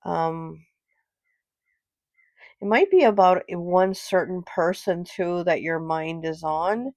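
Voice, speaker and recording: A woman giving a pick-a-card tarot reading, sounding nasal and congested from a cold, with a gentle, reassuring manner full of fillers and check-ins. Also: on the low side, slow pace, dry recording. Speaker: tarot reader.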